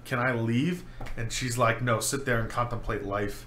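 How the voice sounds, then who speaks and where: A man's voice: mid-range voice, normal speed. A young man co-hosting a podcast, telling a school story in casual chat and acting out the quoted lines with a lot of energy. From New York. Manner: animated storyteller who acts out quoted lines. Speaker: podcast co-host. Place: home room. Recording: echoey room with faint ambient noise.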